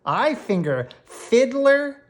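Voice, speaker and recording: A storyteller voicing an eager young girl detective in a children's storybook, talking in a high, emphatic way. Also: slow. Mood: excited. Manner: excited, emphatic.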